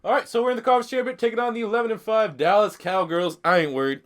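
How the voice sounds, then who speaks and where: A man's voice: high-pitched, fairly even intonation, racing, a bit bright. Sick, swearing Canadian man streaming a game. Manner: profane, rambling, answers chat questions. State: sick, throat-clearing. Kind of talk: live-stream gaming commentary.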